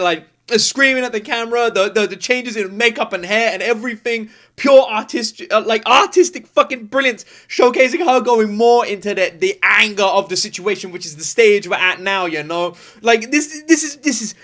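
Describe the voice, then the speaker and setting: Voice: medium pitch, fairly bright tone. A reaction video host giving casual, effusive commentary that swears freely while reacting to a video at home.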